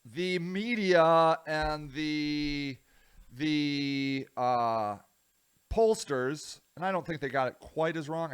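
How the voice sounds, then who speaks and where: An American man from the United States hosting a casual solo commentary vlog, rambling and self-deprecating, with a voice that swings widely in loudness. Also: medium pitch, clear, resonant tone. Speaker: vlogger, show host.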